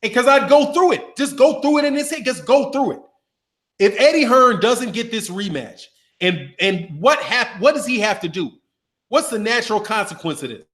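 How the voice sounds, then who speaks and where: A man commentating on boxing in a casual, animated rant, repeating himself and trash-talking. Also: extremely high pitch, normal speed.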